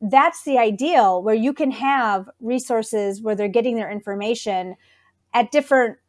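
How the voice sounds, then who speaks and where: A woman school librarian talking through a classroom lesson in a relaxed interview, thoughtful and enthusiastic. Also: on the high side, measured pace. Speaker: school librarian, podcast guest. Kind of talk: conversational interview.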